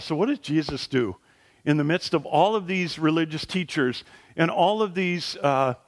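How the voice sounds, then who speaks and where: Man, pastor, sermon in a church; fairly high voice, animated, climbs at high points. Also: normal speed. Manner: animated preaching, rising pitch and volume at high points. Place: church sanctuary.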